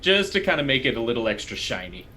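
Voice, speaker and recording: A man's voice: medium pitch, very animated, fast, pushed and bright, a little hiss or hum. A man player in a tabletop game, describing his action in a hedging, easygoing way. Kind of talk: casual chat.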